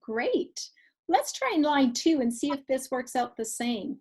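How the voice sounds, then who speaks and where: A woman's voice: sits high, very animated, a little slow, background noise. A woman teaching a grade two class in an online lesson, asking the children questions while she counts.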